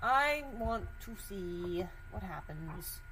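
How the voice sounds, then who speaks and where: Brief: woman podcast host, bright, thinks aloud with fillers, faint background noise. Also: medium pitch, lively intonation, slow, rough recording. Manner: thinks aloud, curious and suspicious, many fillers. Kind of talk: casual commentary while searching documents.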